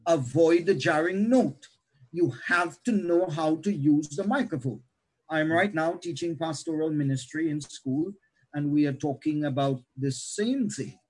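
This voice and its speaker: A man, himself a pastor, lecturing other pastors on how to preach, with animated teaching that shifts pace and loudness. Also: fairly high pitch, husky, low-quality recording.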